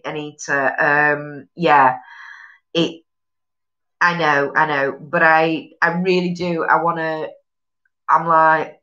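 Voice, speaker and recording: Here a low-voiced woman from Yorkshire hosts a relaxed live stream, going through viewer comments with blunt, rambling, sweary northern chatter. She's expressive but unhurried, leaving long pauses, her tone sharp against dull audio.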